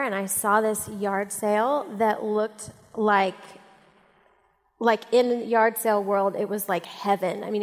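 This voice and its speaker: A woman, a pastor's wife and mother, telling a self-mocking anecdote on stage at a church. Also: mid-range voice. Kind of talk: storytelling on a stage. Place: church hall. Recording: echoey hall.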